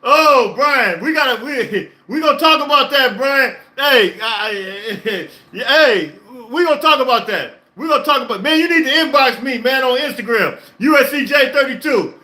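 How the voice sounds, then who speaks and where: Socal guy hosting a sports reaction stream, real high voice, hyped and laughing a lot. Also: moderate pace. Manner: excited, emphatic, repetitive; laughs often. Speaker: podcast host. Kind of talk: live-stream sports reaction, reading chat.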